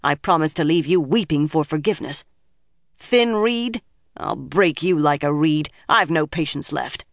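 A woman's voice: low voice, lively intonation, measured pace, gravelly, no echo, exaggerated voice. A narrator voicing a stern, commanding older woman leader with a hard, dry manner, in a dry studio audiobook reading. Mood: threatening.

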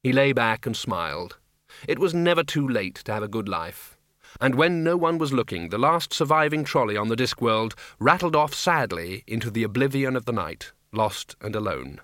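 A man reading a comic fantasy novel aloud in a wry, expressive narration. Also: mid-range voice, moderate pace, no echo, clean studio sound. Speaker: audiobook narrator. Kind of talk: scripted storybook narration.

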